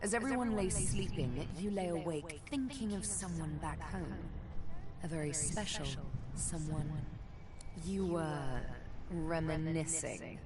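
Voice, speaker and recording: A woman's voice: low voice, unhurried, pauses often, over a noisy crowd. A woman voicing a sly, teasing female elf who reads the past, in a playful, purring manner.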